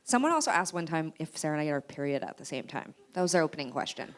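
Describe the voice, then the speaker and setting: Chatty, quick-witted woman, slightly low voice. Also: very animated. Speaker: interviewer at a live book event. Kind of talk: casual onstage conversation. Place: university event stage.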